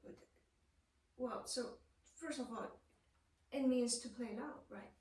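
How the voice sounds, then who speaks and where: A woman's voice: on the high side, takes it slowly, dark tone. A woman teaching a one-on-one piano lesson, patiently asking her student questions and checking they follow. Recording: roomy, from a distance. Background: piano playing.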